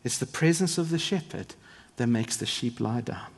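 A man preaching a sermon as a pastor, with emphatic swings between loud and soft. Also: mid-range voice, animated, moderate pace, creaky, slightly rough. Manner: emphatic, rising and falling in volume for effect. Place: large church hall. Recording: long church hall reverb.

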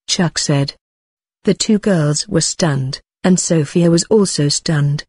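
Husky, low-voiced woman, even synthetic-sounding story narrator, dry close sound. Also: slow, no echo.

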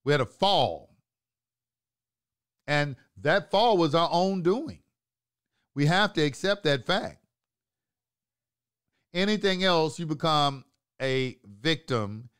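A man hosts his own online channel, talking straight to live viewers in a long monologue. He preaches emphatically, repeats lines to drive them home and jumps from low, muttered asides to loud outbursts. His voice is smooth and resonant. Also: unhurried. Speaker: host of an online talk channel.

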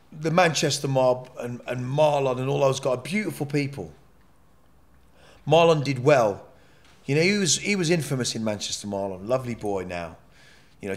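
A man telling his life story as a podcast guest, animated and profane, rambling with frequent restarts. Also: medium pitch. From England. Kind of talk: candid interview storytelling.

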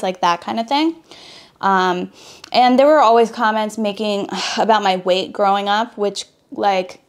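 A young woman from Wisconsin telling a personal story in a casual vlog while doing her makeup, full of "like" fillers and restarts. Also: medium pitch. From Wisconsin, USA. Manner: chatty, lots of "like" fillers and restarts. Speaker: beauty vlogger.

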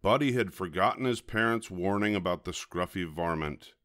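Deep-voiced older man reading a storybook. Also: normal speed, dry recording, clean studio sound. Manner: gentle, expressive storytelling.

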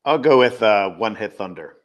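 A man competing in a trivia event, giving offhand, low-key answers. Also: expressive, moderate pace, dull audio. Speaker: trivia contestant.

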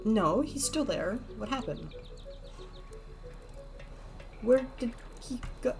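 A gameplay video creator, a woman, rambles through casual commentary packed with filler words while game music plays behind her. Her voice sits on the high side, slow and a little mellow, with lively intonation and vocal fry.

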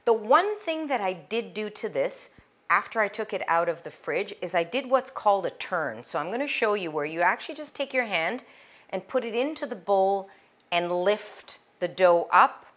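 A middle-aged woman hosting a casual cooking demonstration, chatty and enthusiastic, with a loud, projecting voice, talking to the viewer as she works the dough. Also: medium pitch, lively intonation, normal speed. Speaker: cooking show host.

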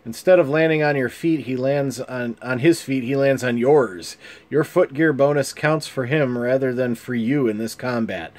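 A man hosting a casual card game review, reading cards in an amused, chuckling, unhurried way. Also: mid-range voice. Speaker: channel host.

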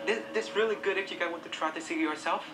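A man's voice: high-pitched, quick pace, fairly bright tone, reverberant. A man acting a shy, polite foreign exchange student who speaks hesitant, broken English. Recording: noisy background, distant from mic.

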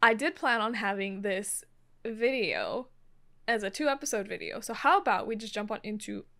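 A woman hosting an anime reaction video, chatting casually and breaking into gasps, laughs and loud exclamations. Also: medium pitch, moderate pace, vocal fry. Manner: excitable, gasping, laughing and exclaiming often. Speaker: anime reaction channel host.

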